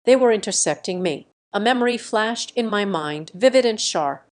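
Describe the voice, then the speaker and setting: A young adult woman giving first-person scripted narration of a family revenge story, in a tense, measured way. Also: medium pitch, lively intonation.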